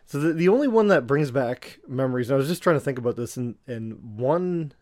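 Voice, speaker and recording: A man's voice: medium pitch, expressive, fairly quick, a little mellow, no echo, clean studio sound. A man co-hosting a podcast, talking in a hesitant, casual way with lots of fillers. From Canada. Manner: hesitant, with many fillers and laughs. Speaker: podcast co-host.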